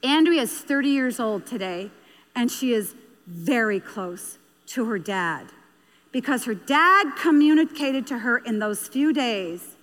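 A woman's voice: a little high, lively intonation, unhurried, fairly bright tone. A woman giving a talk on parenting, telling an anecdote earnestly and repeating key phrases for emphasis. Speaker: speaker on parenting. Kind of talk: storytelling talk to an audience. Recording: long hall reverb.

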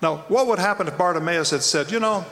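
A man preaching with a high, bright, forceful voice that rings through a hall with a long reverb. He tells the story dramatically and acts out the quotes. Faint noise sits behind him. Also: quick pace. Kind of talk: evangelistic sermon.

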